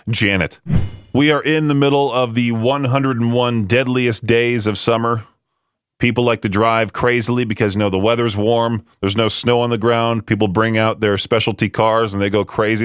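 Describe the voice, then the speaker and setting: A man's voice: fairly low pitch, a bit bright, smooth, dry recording. A man, hosting a radio show in a chatty, rambling, self-amused way. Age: late 20s. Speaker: radio host. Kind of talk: casual radio talk. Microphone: studio microphone. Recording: dry close studio sound.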